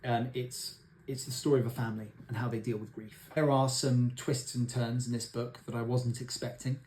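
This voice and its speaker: A man's voice: mid-range voice, flat delivery, moderate pace, slight background noise. A young man, an actor by training, giving a thoughtful casual book review with many ums and uhs. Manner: thoughtful, soft-spoken, many fillers.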